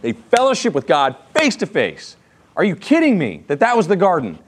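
A man's voice: high voice, huge pitch swings, normal speed, slightly rough. Chatty man teaching a Bible class. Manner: conversational, rhetorical questions, frequent "okay?".

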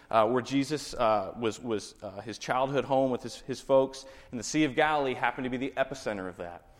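Texan man, pastor, preaching in a relaxed teaching tone, long hall reverb. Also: medium pitch. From Texas. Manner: conversational teaching with rhetorical questions. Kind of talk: sermon.

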